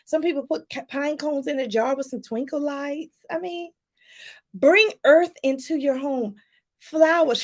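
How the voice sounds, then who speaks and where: A woman life coach talking casually to her viewers in a live stream, chatty and lively, laughing often and calling them "y'all". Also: normal speed. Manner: lively, pitch jumps up for emphasis.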